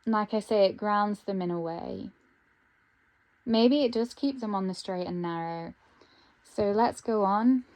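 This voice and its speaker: A woman giving an intuitive tarot reading, thinking aloud with frequent pauses and ums. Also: mid-range voice, a little mellow. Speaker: tarot reader.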